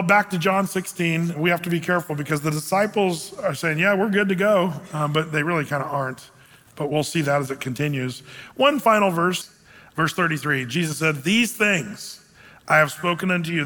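A man's voice: on the high side, in a large hall. A man preaching a sermon, reading scripture aloud and breaking in with joking asides and acted-out voices. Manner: animated, jokey asides, acts out quoted voices. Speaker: pastor.

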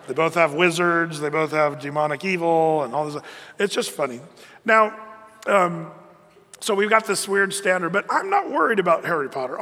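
High-voiced pastor preaching in a reverberant hall. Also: male voice. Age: middle-aged. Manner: conversational, animated, many restarts. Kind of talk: sermon.

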